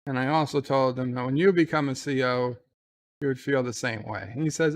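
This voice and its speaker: A man's voice: mid-range voice, a little fast. A man giving casual live commentary on a TV episode, retelling the scenes in a chatty way. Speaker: show commentator.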